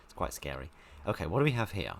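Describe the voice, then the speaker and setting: A man's voice: low-pitched, big pitch swings, fast talker, creaky, slight background noise. A man giving casual gameplay commentary, chatty and self-deprecating, rambling as he plays. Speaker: let's play host.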